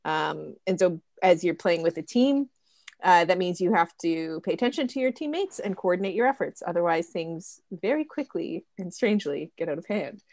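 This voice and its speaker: A young woman hosting a casual game stream in a chatty, giggly way, filling her talk with ums and uhs. Her voice sits fairly low and sounds dry and close to the mic. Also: animated, moderate pace, a little mellow, dry recording. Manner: chatty, giggly, many fillers. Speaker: host.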